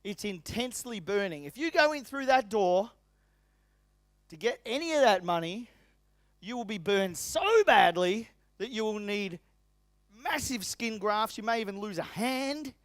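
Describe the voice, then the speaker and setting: A middle-aged man, a business coach, giving an energetic, emphatic seminar talk and addressing the audience directly. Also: sits high, measured pace, no echo. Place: seminar venue.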